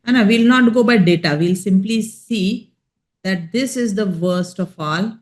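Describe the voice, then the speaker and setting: A woman with an Indian English accent giving a chemistry lecture, explaining slowly and checking in with her students. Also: medium pitch, darkish tone. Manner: slow, emphatic explaining with frequent check-ins. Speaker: chemistry teacher. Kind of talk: classroom lecture.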